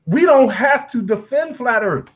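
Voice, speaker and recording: A man appearing as a guest on a casual talk show, telling stories in an animated, emphatic way. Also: extremely high pitch, a little slow. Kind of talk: casual chat.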